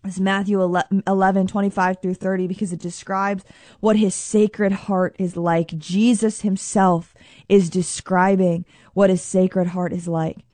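A woman's voice: mid-range voice, level tone, dark tone, dry recording. Earnest woman preaching a sermon. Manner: earnest, emphatic, repeats phrases, slows for key lines.

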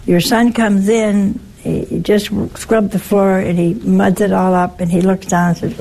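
A woman's voice: medium pitch, expressive, unhurried, darkish tone, a little hiss or hum, rough recording. A woman giving a spiritual teaching talk, wry and teasing, with emphatic turns. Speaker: religious speaker.

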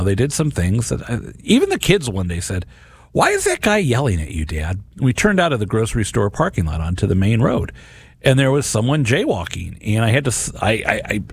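A middle-aged man reflects on scripture for a radio audience in a lowish, husky voice. He talks earnestly and conversationally, often restarting his sentences. The sound is dry and close, from a studio mic. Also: dry recording. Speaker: radio host.

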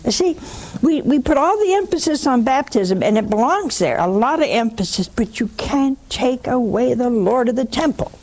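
Older woman, call-in host; emphatic, scolding, higher-pitched. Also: animated, moderate pace. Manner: emphatic, scolding, mocking then hushed. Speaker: host of a religious call-in show. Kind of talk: call-in talk, preaching.

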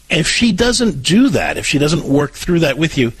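Male co-host, call-in advice radio, animated, husky tone, dry close mic. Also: a little high, normal speed, hardly any pauses, no echo, low-quality recording. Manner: lively, coaching, acts out example phrases.

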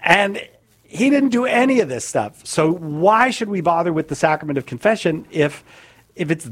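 A male talk-show host with a husky voice that rises and falls a great deal. He chats casually, stumbles over words and laughs at himself. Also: a little high, expressive, moderate pace, fairly bright tone. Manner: joking, self-deprecating, many restarts. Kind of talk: casual chat.

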